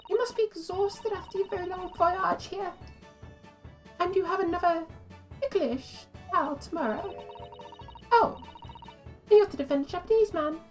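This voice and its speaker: A woman's voice: sits high, a little mellow, pitched above the performer's own voice. A woman voicing a posh, cheerful young girl inventor in a game, with faint music behind. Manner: super posh accent.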